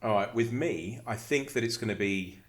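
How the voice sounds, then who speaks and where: A man's voice: lowish voice, moderate pace. A man hosting a casual podcast chat, reading out listener questions, joking and swearing, often tripping over and repeating words. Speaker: podcast host.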